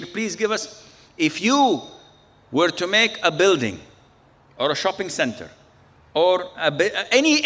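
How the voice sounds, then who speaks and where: Bright-voiced preacher. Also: male voice, on the high side. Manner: storytelling with quoted dialogue, frequent Arabic phrases. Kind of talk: sermon. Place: mosque or Islamic center.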